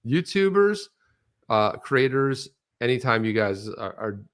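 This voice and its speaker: A middle-aged man co-hosting a casual chat, telling stories in a rambling, animated way with lots of restarts. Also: medium pitch, measured pace. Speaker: co-host.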